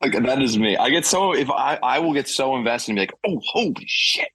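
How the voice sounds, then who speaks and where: A young man from Delaware, a podcast guest in casual chat, who tells animated stories and acts out film lines. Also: mid-range voice, quick pace, husky, no room sound, rough recording. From Delaware, USA. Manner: animated storyteller, quotes film lines in put-on voices.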